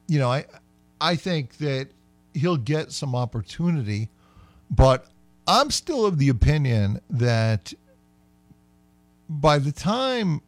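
A man hosting a sports radio show, chatting casually and playfully, sometimes slowing right down to sound out words. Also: mid-range voice, darkish tone, no room sound.

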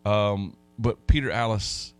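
A man's voice: lowish voice, fairly even intonation, slow, clear, resonant tone, faint music behind. A man hosting a sports talk radio show, telling stories in a folksy, rambling way with many restarts. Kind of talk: casual sports radio chat.

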